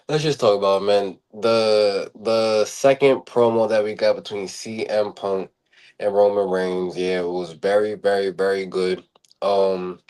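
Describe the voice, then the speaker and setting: A man's voice: low voice, darkish tone. A man co-hosting a podcast, chatting casually, rambling with lots of fillers and repeated words. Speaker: podcast co-host. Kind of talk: casual chat.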